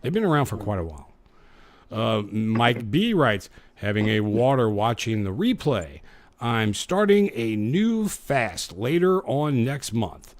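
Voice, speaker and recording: With a mid-range, sing-song voice at a measured pace, a man jokes his way through viewer comments on a live show, laughing in between. It's a casual stream chat, recorded with no echo.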